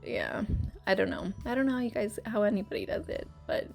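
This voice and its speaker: A woman's voice: medium pitch, a little fast, creaky, darkish tone, faint music behind. A woman hosting her channel, rambling through a casual story-time chat with plenty of fillers and restarts. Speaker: YouTube channel host.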